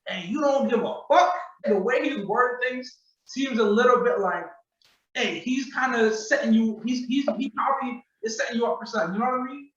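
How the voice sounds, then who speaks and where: Male podcast host, high-pitched, slangy and animated, recorded distant in an echoey room over a video call. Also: fairly quick, dull audio. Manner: animated storytelling, acts out quotes, profane slang. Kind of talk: casual podcast commentary.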